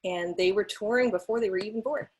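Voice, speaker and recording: A woman on a video call introducing the panelists of a webinar in a measured, list-like way. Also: medium pitch, a little mellow, husky.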